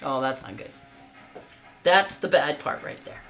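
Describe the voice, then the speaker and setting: A woman's voice: low-pitched, a little slow, a bit bright, faint music behind. A woman playing a tabletop game, joking and giggling with the table in casual banter. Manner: playful and giggly. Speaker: player.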